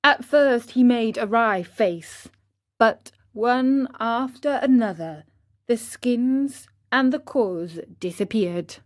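A woman narrating a children's story in a clear, unhurried scripted reading. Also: a little high, dry recording, clean studio sound.

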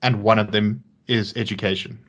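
A man co-hosting a podcast, chatting casually with halting restarts and dry sarcasm. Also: fairly low pitch, fairly even intonation, a bit bright. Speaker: podcast co-host. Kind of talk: casual political chat.

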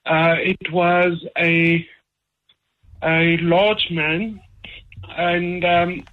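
A man joining a radio show remotely as a guest, speaking slowly and deliberately. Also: sits high, flat delivery. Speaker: guest, psychic medium. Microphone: phone or online line. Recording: tinny phone-line audio.

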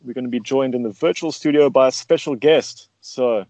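A man's voice: mid-range voice, brisk, mellow, no echo, dull audio. A man hosting a casual radio chat, easygoing and jokey. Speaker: show host.

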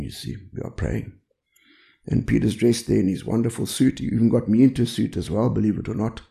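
An older male preacher tells humorous anecdotes in a conversational sermon. His voice is deep with heavy gravel and a mellow warmth. His pitch rises and falls in lively swings. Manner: frequent "you see" asides. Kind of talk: storytelling sermon.

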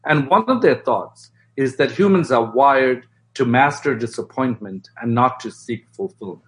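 Animated man explaining brain science. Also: medium pitch, moderate pace. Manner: animated, acts out quoted voices. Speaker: guest expert. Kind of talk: interview conversation.

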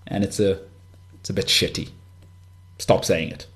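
A man's voice: deep voice, fairly even intonation, a little slow, fairly bright tone. A man with a Johannesburg northern suburbs South African accent, hosting a podcast in a blunt, rambling, candid rant full of restarts and asides. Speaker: podcast host.

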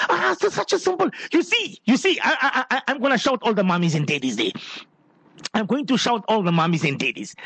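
Male radio quiz host, high-pitched and very expressive, affectionate and playful, repeats phrases. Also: husky, dry recording. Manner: animated, playful and affectionate, with lots of repetition. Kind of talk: live call-in radio show.

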